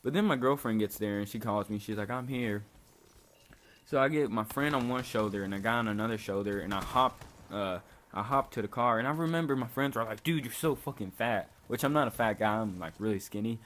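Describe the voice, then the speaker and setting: A man's voice: on the low side, brisk, fairly bright tone. Laid-back young man telling a story. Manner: laid-back, swears freely, lots of "like". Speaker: vlogger. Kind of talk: casual storytelling. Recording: faint background noise.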